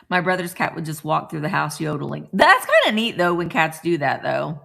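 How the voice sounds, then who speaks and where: A woman's voice: deep voice, very animated, a little fast, vocal fry, few pauses, pushed and bright. A middle-aged woman casually chatting on a morning live stream from home, greeting viewers by name as she talks. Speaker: vlogger hosting a live stream.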